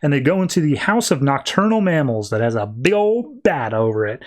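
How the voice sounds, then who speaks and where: A man's voice: a little high, big pitch swings, fairly quick. A man hosting a podcast, recapping comics in a rambling, slangy way and acting out the characters' lines. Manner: rambling, slangy, acts out quotes. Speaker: podcast host. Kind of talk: casual comic book recap.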